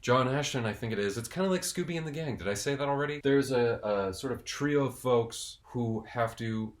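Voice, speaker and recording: A man's voice: medium pitch, brisk. Guy rambling through a jokey movie review, casual and goofy, lots of restarts. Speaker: video host and film reviewer.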